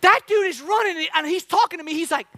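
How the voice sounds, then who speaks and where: A man's voice: extremely high pitch, quick pace, bright, forceful tone. A man, a pastor telling a comic story in a sermon and acting out breathless gasps.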